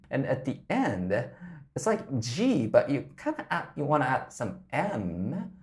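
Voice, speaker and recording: Vocal coach, male, explanatory, lively pitch, demos phrases mid-lesson. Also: normal speed. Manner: explains, then sings or demonstrates lines. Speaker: singing coach.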